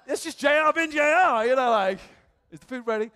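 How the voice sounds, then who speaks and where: A man's voice: extremely high pitch, fairly quick, few pauses, slight background noise. Chatty male pastor in reverberant hall. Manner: chatty, animated storytelling with laughs and self-quotes. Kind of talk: storytelling sermon. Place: church hall. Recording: long church-hall reverb.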